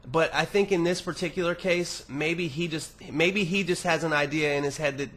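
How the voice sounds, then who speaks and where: A man's voice: fairly high pitch, moderate pace, fairly bright tone. Young dude on his podcast, reading emails and rambling, cussing a lot, lots of false starts. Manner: rambling and profane, with many restarts. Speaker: podcast host answering listener emails. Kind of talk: casual podcast monologue.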